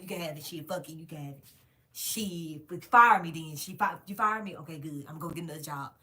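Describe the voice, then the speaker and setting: Profane woman ranting a story to viewers. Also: medium pitch. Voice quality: frank, profane, animated storytelling. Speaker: vlogger telling a story.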